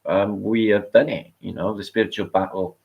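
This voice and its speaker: A man's voice: on the low side, fairly even intonation, normal speed, creaky, muffled recording. A middle-aged British man hosting a livestream, chatting casually, rambling and swearing as he reads out viewer comments. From Britain. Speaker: livestream host.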